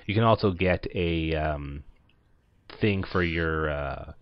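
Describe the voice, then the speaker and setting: Man, deep voice, casual let's-play host, rambling with fillers, dry and muffled lo-fi recording. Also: slow pace, clear, resonant tone, dry recording. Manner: rambling, many filler words. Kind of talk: casual gameplay commentary.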